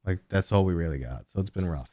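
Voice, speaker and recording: Low-voiced chatty male streamer. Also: quick pace, mellow, no room sound. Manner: rambling, chatty, with many fillers and restarts. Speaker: host. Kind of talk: casual livestream chat answering viewer questions.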